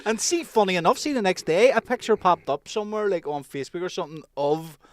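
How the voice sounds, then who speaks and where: A man's voice: high voice, animated, fast. A man co-hosting a podcast, bantering bluntly and swearing in casual chat. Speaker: podcast co-host.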